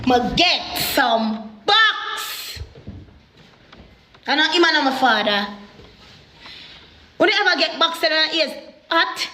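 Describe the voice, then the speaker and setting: Taking it slowly with long pauses, a Jamaican woman speaks patois in a high, sharp voice, pouring out a personal story in an animated, heated way. Her voice echoes around the room over slight background noise.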